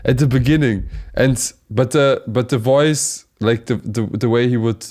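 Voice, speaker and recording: A man with a German accent co-hosting a casual beatbox review chat, talking haltingly with many fillers and restarts. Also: mid-range voice, a little mellow. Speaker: beatboxer co-host reviewing battles.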